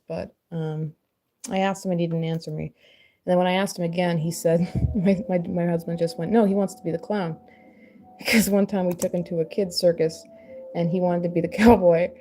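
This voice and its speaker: Laughing, rambling woman with a mellow voice. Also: lowish voice, vocal fry. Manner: rambling, laughs often, self-deprecating. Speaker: crafter and mother. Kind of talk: casual chat while sculpting.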